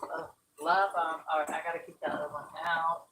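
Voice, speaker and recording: A woman who restores dolls and vlogs about it chats casually on a live stream, rambling and exclaiming often while she sorts supplies in a home room stacked with stored boxes. Her voice sits low with a level tone and a slightly fast pace. The sound is roomy, with background noise.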